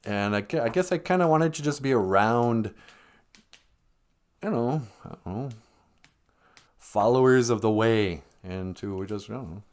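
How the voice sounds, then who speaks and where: A man's voice: lowish voice, animated, measured pace, long pauses, darkish tone. A man delivering a rambling, sardonic comic monologue on a live stream. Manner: sardonic, rambling, with mocking put-on voices.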